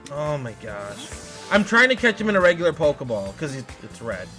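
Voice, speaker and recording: A man streaming a game live, excitable and exasperated, talking to his chat and to the game. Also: on the high side, fairly quick, music in the background.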